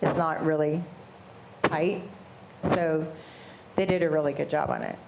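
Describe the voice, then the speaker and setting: A middle-aged woman, a guest in an interview, telling her story in a casual, animated way and acting out the voices of people she quotes. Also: low-pitched, unhurried, vocal fry. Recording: roomy echo with faint ambient noise.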